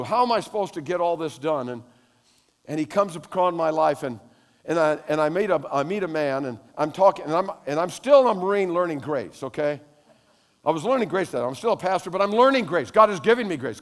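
An older man preaching a sermon as pastor, telling animated stories that rise to loud exclamations. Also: fairly high pitch, big-room sound.

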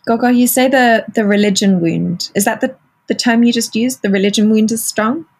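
A woman hosting an interview, asking questions and reflecting on her own upbringing in a thoughtful way, with pauses. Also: on the high side, a little mellow. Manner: reflective, pausing. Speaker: interviewer, podcast host.

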